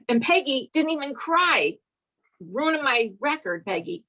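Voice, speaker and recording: A woman's voice: sits high, very animated, a little slow, pushed and bright, faint music behind, rough recording. A woman in a group video chat, praising a friend in an emotional, rambling way while holding back tears. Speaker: group member giving encouragement. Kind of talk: casual chat on a video call.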